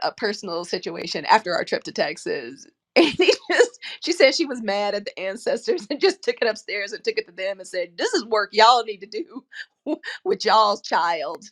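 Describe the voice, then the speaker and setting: Gravelly-voiced woman hosting a tarot chat. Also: mid-range voice. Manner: warm, chatty and laughing often, says y'all. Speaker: tarot reader and host. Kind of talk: live audio tarot session chat.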